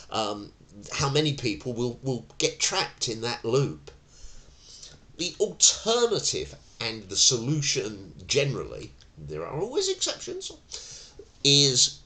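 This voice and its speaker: A middle-aged male tai chi instructor who tells his lessons as stories. His pitch swings widely, and he sits fairly low in his range. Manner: animated storyteller who acts out voices. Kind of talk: teaching talk with anecdotes.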